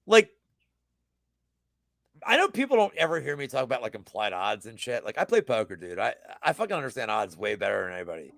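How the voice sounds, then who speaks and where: A man in his thirties on a casual livestream, talking about betting in animated, profane, boastful rants. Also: medium pitch, fairly quick, vocal fry, no room sound. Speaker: sports betting guest.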